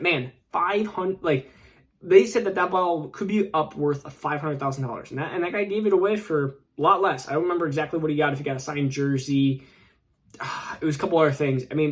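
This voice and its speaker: Man, casual solo commentary, slightly high voice, rambling, chuckles, restarts sentences. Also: brisk. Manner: rambling, self-interrupting, chuckles often. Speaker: fantasy football channel host.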